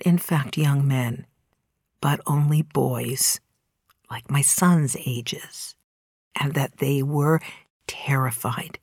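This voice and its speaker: A middle-aged woman tells a personal story with a measured, deliberate delivery. Her voice sits on the low side, at times sinking to a hushed near-whisper. The recording is dry and close, with no room sound. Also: slightly rough, no echo.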